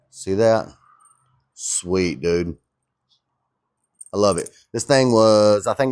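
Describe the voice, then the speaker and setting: A young man chatting casually in his shop vlog, laid-back and excited, tossing in "dude" and "man". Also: lowish voice, clean tone, no room sound, clean studio sound. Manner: laid-back and enthusiastic, drawling, calls viewers dude and man. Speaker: custom truck builder and vlogger.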